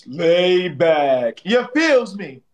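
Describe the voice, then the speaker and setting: His voice high-pitched and sing-song with drawn-out words, a man hosts a livestream and playfully trash-talks both his viewers and a rival. He's slangy, says things over and over, and tags his lines with "bro."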